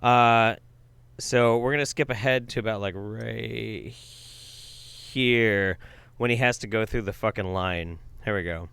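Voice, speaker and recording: A man's voice: lowish voice, takes it slowly, vocal fry, fairly bright tone, slight background noise. A man hosting a video commentary, talking in a profane, exasperated way. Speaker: commentary host.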